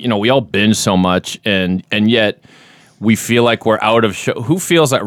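A man's voice: on the low side, no room sound, clean studio sound. A man with a Boston accent hosting a podcast in casual, jokey banter that is sprinkled with swearing. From Boston area. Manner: animated, jokey, swears freely. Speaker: podcast host.

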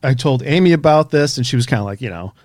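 A man in a casual interview, spinning an animated story with the odd swear word tossed in. His voice sits at an ordinary middle pitch, recorded close and dry with no room sound. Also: fast talker, dry recording. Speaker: author and researcher.

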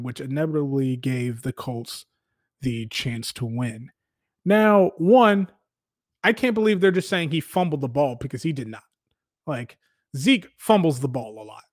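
A man hosting a casual football commentary show, giving opinionated, animated takes with lots of filler words. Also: mid-range voice, no room sound, clean studio sound. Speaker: sports podcast host.

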